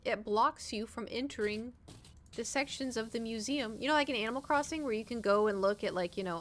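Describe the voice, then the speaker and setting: A woman's voice: fairly high pitch, brisk, a little hiss or hum. Rambling, swearing woman streamer. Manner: rambling, profane, animated storytelling. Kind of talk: casual chat while gaming.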